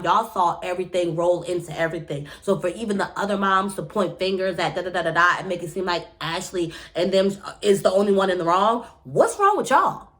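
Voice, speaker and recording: A young woman, recapping a reality show in a casual, blunt, opinionated way, often jumping up in pitch as she rants. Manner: animated, blunt and opinionated, often jumps up in pitch, swears freely. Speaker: TV recap vlogger.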